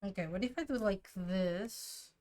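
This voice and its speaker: A woman streamer thinking aloud to herself while drawing, trying colors and musing in a relaxed, casual way. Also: mid-range voice, a little slow. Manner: musing to herself, trial and error, soft laughs.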